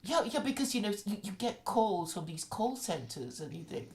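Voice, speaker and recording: A woman's voice: medium pitch, very animated, normal speed, few pauses, a little hiss or hum. A woman in casual conversation, talking in an opinionated, chatty way with frequent restarts.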